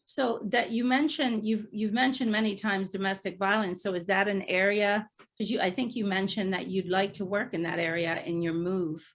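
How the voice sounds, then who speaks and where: A woman's voice: mid-range voice, fairly even intonation, moderate pace. Encouraging woman financial coach. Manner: affirming, encouraging listener. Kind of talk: coaching conversation.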